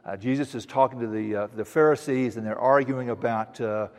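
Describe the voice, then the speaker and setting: Male pastor, mid-pitched voice, earnest expository preaching, long hall reverb. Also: steady tone. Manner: earnest teaching, with frequent restarts and slow emphatic quotes. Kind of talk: expository sermon.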